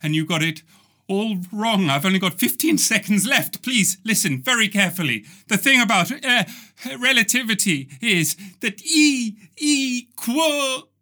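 A man's voice: high voice, expressive, unhurried, pushed and bright, voice pushed up, full character voice. A man voicing a frantic alien from another dimension who rambles urgently and keeps interrupting himself.

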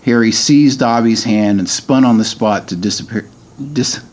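A man's voice: lowish voice, normal speed, darkish tone. A middle-aged man, a podcast guest, chatting casually and reading a book aloud, hesitant with many ums and restarts.

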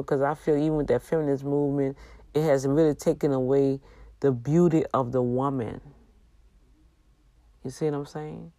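A woman's voice: deep voice, a little mellow, no echo. Earnest woman exhorting on a faith livestream. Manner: earnest, exhorting, preacher-like, drawn-out emphasis. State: tired, yawning. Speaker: livestream host. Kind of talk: casual faith talk on a livestream.

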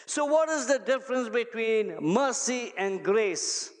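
Man, pastor, sermon, high voice, slow deliberate delivery, long hall reverb. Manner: emphatic, repeats key phrases for the congregation. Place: church hall.

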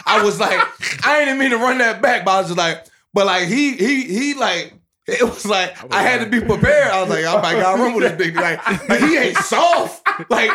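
High-voiced young man with chatter behind. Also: normal speed. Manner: excitable, laughing slangy retelling. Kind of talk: casual group chat.

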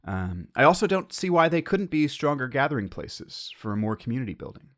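American male podcast host, mid-pitched voice, reflective solo monologue, musing and wry. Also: very animated, fairly quick, fairly bright tone. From United States. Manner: musing, self-questioning, wry.

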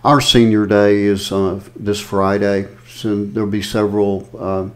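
A man co-hosting a show in casual chat, with steady, affirming remarks. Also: fairly low pitch, measured pace. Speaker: co-host.

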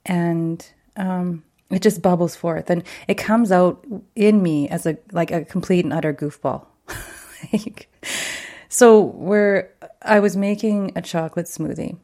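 A woman's voice: on the low side, a little slow, dark tone. A middle-aged woman coach hosting her podcast in a casual monologue, bubbly and chatty, laughing often between thoughts. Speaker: podcast host and wellness coach.

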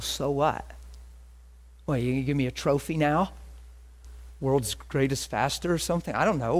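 A man preaching a sermon, animated, with quick asides and rhetorical questions. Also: mid-range voice. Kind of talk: sermon with storytelling.

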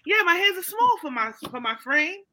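A woman's voice: very high-pitched, sing-song, normal speed, pushed and bright. A woman in her thirties chatting casually as a podcast co-host, blunt and teasing, often laughing. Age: 30s. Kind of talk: casual chat.

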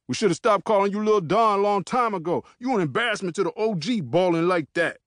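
A man reading an audiobook, voicing a short, bearded, loud-mouthed young man who mocks his friends. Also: sits high, lively intonation, brisk, no room sound, studio quality, voice pushed up. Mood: mocking.

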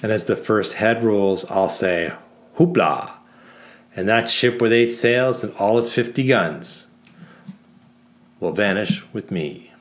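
A man reading the part of a young bride who performs a slow, mocking song about a barmaid's revenge. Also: on the low side. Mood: brooding. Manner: theatrical, slow, mocking storytelling.

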